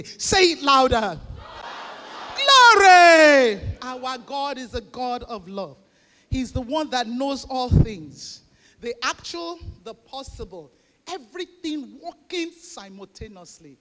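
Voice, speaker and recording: A woman pastor preaching a sermon, leading the congregation in call-and-response and often rising to shouts. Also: high-pitched. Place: church. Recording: long reverb of a large church hall.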